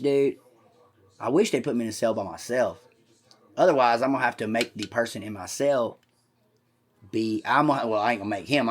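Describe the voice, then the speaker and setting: A man's voice: medium pitch, husky. A man co-hosting a comedy podcast, telling crude stories in a rambling, profane way and jumping into voices for the people in them. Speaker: podcast co-host.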